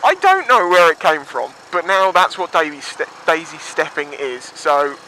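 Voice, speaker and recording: A man's voice: big pitch swings, normal speed, pushed and bright, low-quality recording. A young man casually rambling through stories on his motorbike, chatty and sweary, recorded on a helmet mic outdoors. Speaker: motovlogger. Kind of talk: casual storytelling on a bike. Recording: engine rumble behind.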